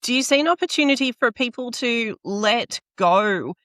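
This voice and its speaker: A woman's voice: on the high side, expressive, moderate pace, fairly bright tone, dry recording. Woman podcast host at the mic. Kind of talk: podcast interview. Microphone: close podcast microphone.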